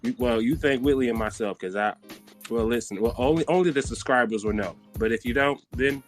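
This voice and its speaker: A man hosting a podcast from a studio, talking loud and hyped in casual chat and swearing freely. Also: mid-range voice, brisk, soft background music. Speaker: podcast host. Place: recording studio.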